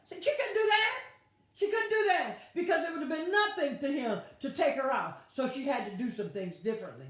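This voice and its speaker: A woman pastor, teaching a lively Bible study with playful asides and acted-out quotes. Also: high-pitched, a little fast. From United States. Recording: very echoey room.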